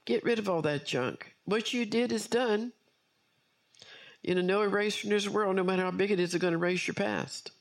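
A woman's voice: medium pitch, normal speed. A woman preacher delivering an earnest sermon with personal testimony, repeating key phrases for emphasis.

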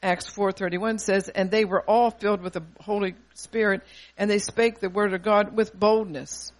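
An older preacher delivering a sermon with emphatic, forceful conviction, quoting scripture and asking the congregation rhetorical questions. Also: medium pitch, steady tone, moderate pace.

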